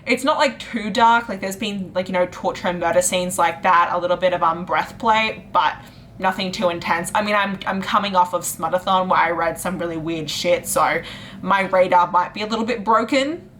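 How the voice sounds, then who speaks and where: A young woman in her twenties, chatting casually to camera in a reading vlog with lots of fillers, her voice jumping high when she gets excited. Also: normal speed, slight background noise. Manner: chatty and giggly, lots of likes and ums, jumps into high pitch when excited. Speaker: book vlogger.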